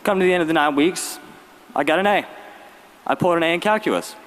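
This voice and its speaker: A young man, giving a graduation speech as valedictorian with lively storytelling and wry humor. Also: fairly high pitch, fast, slight background noise. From Virginia, US. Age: late teens. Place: large arena. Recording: long arena reverb.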